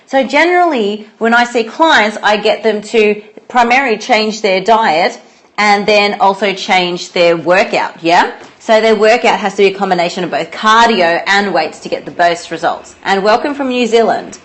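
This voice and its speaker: A woman's voice: mid-range voice, normal speed. A young Australian woman, a nutritionist, chatting bubbly on a live stream, laughing often and greeting viewers. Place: home, at night.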